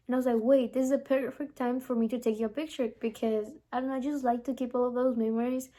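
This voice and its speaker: Chatty young woman vlogger, mellow voice. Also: on the high side, fairly even intonation, fast talker. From from abroad, lives in the US. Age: young adult. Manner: chatty, rambling, lots of "like" and "honestly". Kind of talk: casual vlog chat to camera.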